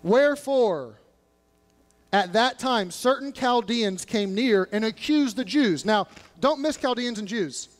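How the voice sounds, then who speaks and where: High-voiced man preaching in a reverberant church. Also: takes it slowly. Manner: animated preaching, acting out biblical characters in casual modern speech. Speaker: pastor. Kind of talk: sermon. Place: church sanctuary. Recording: long hall reverb.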